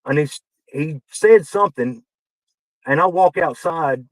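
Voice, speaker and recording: A man, a wrestling veteran guest on a podcast, telling backstage stories in a casual, animated way, acting out quoted dialogue and swearing as he gets heated. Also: fairly high pitch, unhurried, dry recording, poor audio. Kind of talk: casual storytelling.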